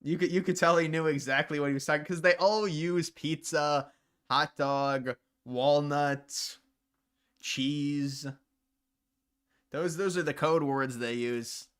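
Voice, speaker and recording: A man chats loosely on his own livestream, wandering from point to point and answering viewers as he goes. His voice is smooth and clear. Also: a little high, takes it slowly, fairly bright tone. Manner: rambling, answers viewers' comments. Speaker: livestream host. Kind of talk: casual livestream chat.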